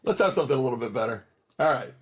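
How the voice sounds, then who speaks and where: A man's voice: mid-range voice, animated, racing, husky. A man co-hosting a podcast in casual chat, upbeat and chatty, keeping the tasting game moving. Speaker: podcast co-host.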